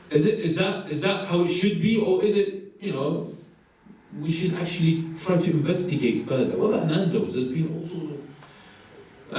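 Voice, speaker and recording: A man's voice: fairly high pitch, darkish tone. Man, religious lecture, echoey hall, distant mic. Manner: rhetorical questions, acts out voices.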